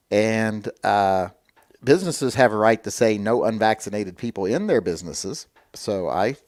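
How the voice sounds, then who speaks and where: A man's voice: lowish voice, darkish tone, no echo, clean studio sound. A man hosting a casual livestream chat, answering viewer comments in a blunt, opinionated, lecturing way. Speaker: livestream host.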